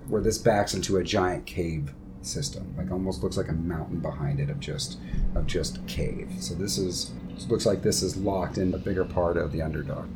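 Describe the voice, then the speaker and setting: A man's voice: on the low side, mellow, slight background noise. A man narrating a tabletop game as game master in a casual, rambling way with many fillers.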